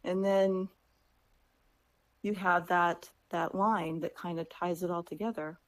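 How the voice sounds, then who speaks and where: A woman author in an interview, retelling her book's plot in a lively, conversational way and often checking in with "right?". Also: lowish voice, slow pace. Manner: animated storyteller, acts out characters' lines. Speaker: author guest.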